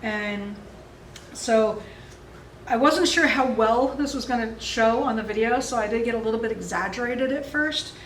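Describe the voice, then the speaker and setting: A woman's voice: a little high, normal speed, a little hiss or hum. A woman dog training instructor explaining exercises in a friendly, easygoing way, chuckling often. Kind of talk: instructional seminar talk. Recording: roomy, distant mic.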